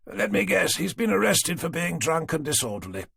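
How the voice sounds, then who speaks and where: A male reader puts on a gentle old English lord with a clipped upper-class accent. His voice is gravelly and husky, with lively rises and falls, and his humour is dry and self-mocking. The recording is close and dry. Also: on the high side, moderate pace, no echo, voice pushed up, full character voice. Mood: weary. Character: kindly old aristocrat, clipped and wry.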